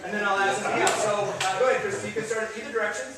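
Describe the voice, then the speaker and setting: An upbeat, playful man with a very high voice is running an improv icebreaker game for a crowd. He is heard from some distance in a very echoey room, with people chattering nearby. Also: level tone, rapid-fire. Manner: upbeat, playful, bursts into loud exclamations. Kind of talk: energetic live game demonstration.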